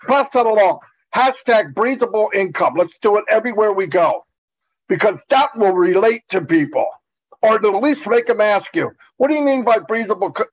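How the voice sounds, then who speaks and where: A man giving an earnest, repetitive pep talk as a webinar presenter over an online video call. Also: high-pitched. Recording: dull lo-fi call audio.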